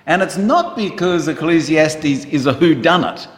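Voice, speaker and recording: A man's voice: fairly high pitch, a little slow. A man preaching a sermon in church, chatting with the congregation and asking them questions in a conversational way. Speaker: pastor. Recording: roomy church hall reverb.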